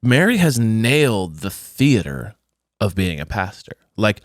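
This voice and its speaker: Male podcast co-host, low and very lively delivery, dry close sound, casual recap banter with mock voices. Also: unhurried, dry recording. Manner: animated, jumps into exaggerated mock voices. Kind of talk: casual reality-TV recap chat.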